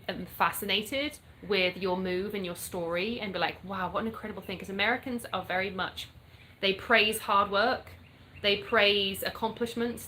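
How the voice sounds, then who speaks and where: A woman's voice: medium pitch, pushed and bright, a little hiss or hum. An English woman hosting a casual livestream, chatting upbeat and greeting viewers by name. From England. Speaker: livestream host. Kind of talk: casual live-stream chat reading comments. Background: birdsong.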